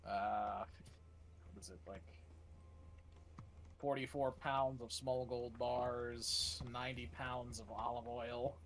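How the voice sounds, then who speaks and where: A man's voice: mid-range voice, darkish tone, poor audio. A man playing a tabletop game with friends, joking and swearing freely as he talks. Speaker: player. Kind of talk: casual tabletop game chat.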